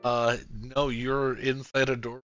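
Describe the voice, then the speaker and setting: A man narrating as game master of a tabletop game, giving halting, unhurried descriptions. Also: medium pitch, flat delivery, a bit bright. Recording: slightly dull sound with faint music.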